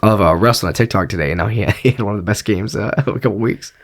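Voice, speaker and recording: A man's voice: lowish voice, fast talker. A young man co-hosting a sports podcast, joking and laughing often as he chats. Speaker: podcast co-host. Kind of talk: casual chat.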